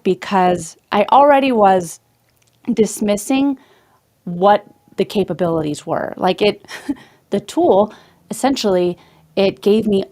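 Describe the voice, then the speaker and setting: A woman guest in a casual interview, loose and self-deprecating, laughing often between her words. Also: mid-range voice.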